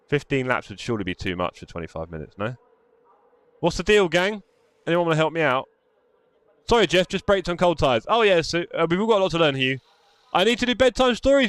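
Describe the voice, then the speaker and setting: A man's voice: fairly high pitch, a bit bright, dry recording. A man chatting casually while sim racing on a live stream, reading out chat. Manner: chatty, reads chat aloud while driving. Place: home sim racing rig.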